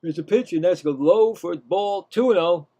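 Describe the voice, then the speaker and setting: A man giving casual, rambling live baseball play-by-play, chatting to himself between pitches and rising sharply in pitch on the calls. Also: normal speed, warm tone. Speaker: play-by-play commentator.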